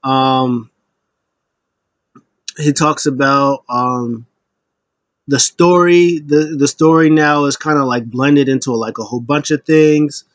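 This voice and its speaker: A man's voice: mid-range voice, steady tone, takes it slowly, pauses often, dry recording. A man casually recapping wrestling shows, retelling scenes with lots of fillers, laughs and acted-out quotes.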